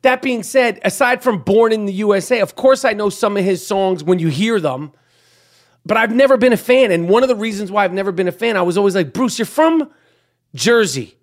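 A middle-aged man hosts a podcast as a casual monologue, rambling bluntly and profanely with frequent restarts. His voice is high-pitched and a little fast.

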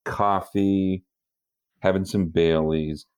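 A man's voice: sits low, steady tone, slow pace, darkish tone, clear, resonant tone. A man co-hosting a podcast, telling an exasperated story in casual chat and laughing often. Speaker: podcast co-host.

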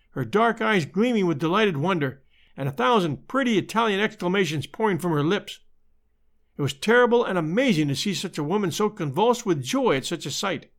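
A man reading a classic detective story aloud in an expressive, dramatic storytelling manner. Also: sits high. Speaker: narrator.

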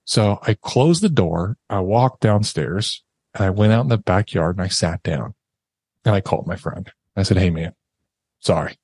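Low-voiced man telling a raw story. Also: expressive, moderate pace, a little mellow, husky, no echo. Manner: emotional, acts out quoted voices, laughs nervously. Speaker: podcast guest. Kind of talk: candid personal storytelling.

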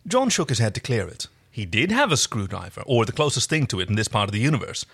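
A man's voice: medium pitch, wildly swooping pitch, quick pace, fairly bright tone, husky. A man co-hosting a podcast, reading fan fiction aloud with wry, chatty asides. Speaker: podcast co-host.

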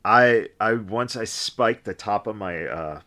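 A podcast host with a lowish, slow voice that sounds pushed and bright conducts a casual interview. His questions run long and rambling, full of restarts.

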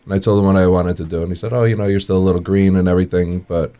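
Low-voiced New man telling a story. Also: rapid-fire. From New York area. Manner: lively storyteller, chuckles often, many fillers. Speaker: guest. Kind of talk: casual storytelling.

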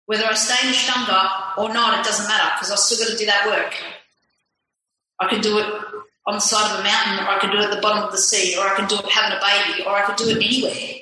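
A woman as an interview guest, talking candidly in an animated, profane, self-questioning way. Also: mid-range voice, fast, very echoey, a little hiss or hum, low-quality recording. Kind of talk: candid conversational reflection.

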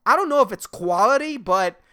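Young guy rambling solo on his podcast, swearing a lot, bright voice all over the place. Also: extremely high pitch, brisk, clear, resonant tone. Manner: profane, animated and laughing. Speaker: podcast host.

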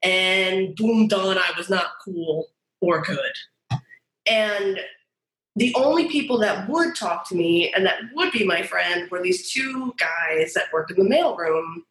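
A woman guest telling her story candidly, animated and profane, acting out quoted voices. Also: fairly low pitch, takes it slowly. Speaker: guest designer. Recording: roomy echo.

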